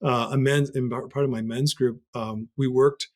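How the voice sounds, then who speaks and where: A man speaks as a podcast guest, recounting a personal experience in an earnest, reflective way. His voice sits at an ordinary pitch for a man and jumps high when he acts out a moment. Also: steady tone, moderate pace. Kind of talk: personal storytelling in conversation.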